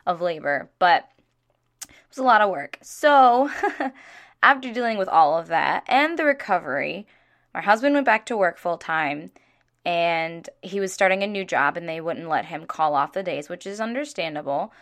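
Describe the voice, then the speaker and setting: A young woman in her twenties casually telling a personal story to camera, chatty and animated, laughing often and acting out what others said. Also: lowish voice, normal speed. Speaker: vlogger.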